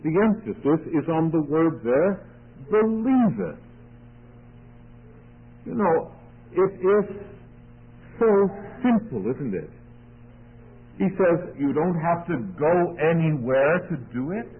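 Guy teaching a bible passage on the radio, tinny phone-like sound, pitch rises and falls a lot. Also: lively intonation, slow, breathy edge. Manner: expository, reading scripture then explaining it. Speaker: preacher.

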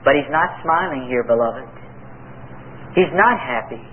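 A man's voice: mid-range voice, animated, unhurried, a little hiss or hum. An American man preaching a sermon, earnest and emphatic, mixing scripture with personal stories. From United States. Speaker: pastor. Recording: tinny phone-like lo-fi audio.

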